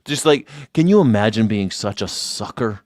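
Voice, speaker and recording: A man's voice: on the low side, expressive, normal speed, a little mellow, no room sound. Mocking streamer guy, laughs a lot, repeats himself, dry sound. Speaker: live stream host. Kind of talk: sarcastic live commentary.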